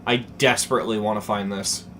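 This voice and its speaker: A young man chatting casually as a streamer, telling a story with lots of swearing, dropping to mumbles and then getting excited. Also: on the low side, fairly quick, slight background noise. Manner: animated, profane, swings between mumbling and excited.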